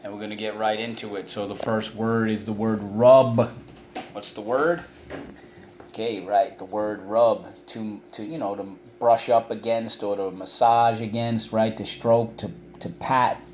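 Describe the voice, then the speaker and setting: A man's voice: fairly low pitch, steady tone, a little slow, a little mellow, slight background noise. A middle-aged male teacher giving a spelling and vocabulary lesson to children, patiently explaining each word with many examples.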